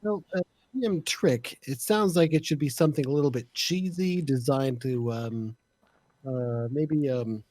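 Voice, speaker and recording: Hesitant, mellow-voiced man. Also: mid-range voice, unhurried, dry recording. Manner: hesitant, many ums, methodical. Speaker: panelist game master. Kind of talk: casual panel chat.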